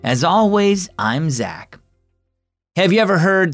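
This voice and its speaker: An upbeat man hosting a children's devotional, speaking straight to young listeners with a bright, friendly delivery. His voice rises and falls a lot. The sound is dry and close, with faint music underneath. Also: fairly high pitch, big pitch swings, a little slow, no echo. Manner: bright, upbeat, talks directly to kids. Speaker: host.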